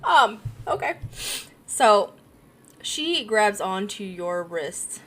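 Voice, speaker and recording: A woman running a tabletop role-playing game, narrating scenes in a giggly, halting way with many fillers. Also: medium pitch, sing-song, sharp tone. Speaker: game master.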